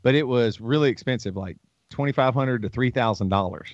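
A man's voice: mid-range voice, a little fast, no echo. A man hosting a casual show, telling stories in a rambling way with many restarts. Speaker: host. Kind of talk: casual chat. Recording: dull lo-fi stream, faint music.

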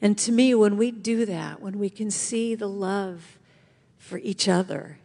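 A woman speaking as guest speaker at a church, giving an inspirational talk with lively storytelling and call-and-response. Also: on the low side. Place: church sanctuary. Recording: long hall reverb.

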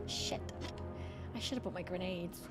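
A woman's voice: lowish voice, normal speed, loud music behind the voice. A woman streaming a horror game, chatting to viewers, swearing and screaming at scares. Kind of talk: gaming stream commentary.

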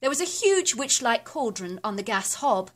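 A woman reading a first-person horror story aloud in a steady, descriptive storytelling manner. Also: on the high side, normal speed. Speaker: narrator.

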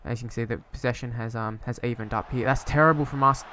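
A man's voice: mid-range voice, fairly even intonation, fast talker, bright, forceful tone, a little hiss or hum. Rambling young man commentating a game. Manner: rambling, hesitant, bursts into swearing frustration. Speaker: gaming YouTuber.

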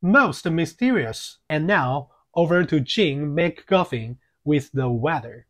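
Brief: storybook newscaster, read by a man, formal and measured, slightly high. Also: lively intonation, a bit bright, full character voice. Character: male TV newscaster. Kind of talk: audiobook reading.

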